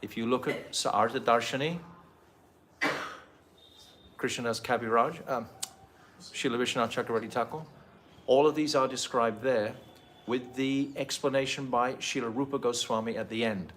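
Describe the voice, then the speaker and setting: A man in a mid pitch explains scripture to a seated group, pausing on fillers and turning to his listeners with questions. Faint noise sits under his talk. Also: fairly even intonation, a bit bright. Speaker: spiritual teacher. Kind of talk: devotional scripture class. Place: holy site, live talk to a group.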